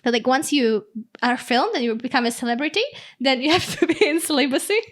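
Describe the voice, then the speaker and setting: A woman's voice: high voice, lively intonation, fast. A woman, co-hosting a reaction video in casual, chatty talk full of fillers. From Poland. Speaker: reaction channel co-host. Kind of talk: casual chat.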